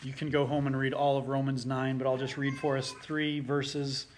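A man's voice: mid-range voice, flat delivery, moderate pace, a little hiss or hum. A man preaching a sermon as pastor, reading scripture aloud with rising force and then explaining it plainly.

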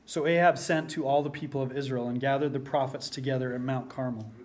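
A man delivers an expository sermon, reading scripture aloud in a medium-pitched, slightly mellow voice with fairly even intonation. He speaks emphatically, slowing down and dropping almost to silence to stress key points.

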